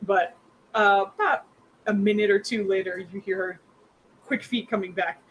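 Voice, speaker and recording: A woman's voice: medium pitch, steady tone, moderate pace, slight background noise, low-quality recording. A young woman narrating as game master in a rambling, filler-heavy, giggly way.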